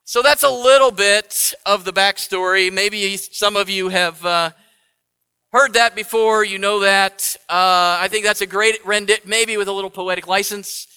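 A man's voice: high-pitched, steady tone, a little slow, bright, forceful tone, clear, resonant tone. A pastor telling a story to his congregation in a playful way, with laughing asides, in an echoey church hall. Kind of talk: storytelling sermon. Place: church sanctuary.

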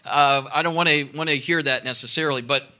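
Bright-voiced pastor, loose and joking. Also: male voice, a little high, fast talker, clean tone. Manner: loose, joking, full of fillers and restarts. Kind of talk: casual sermon to a congregation. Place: outdoor church service.

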